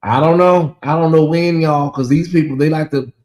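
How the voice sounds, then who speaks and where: A man's voice: fairly high pitch, moderate pace, a little mellow. A man with a Southern US accent hosting a casual livestream, talking straight to his viewers and reading out and answering their chat. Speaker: livestream host.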